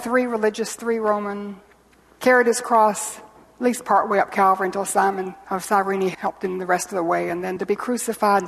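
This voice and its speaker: A woman preacher delivering a sermon with dramatic swings from hushed whispers to ringing proclamation. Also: mid-range voice. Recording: reverberant hall.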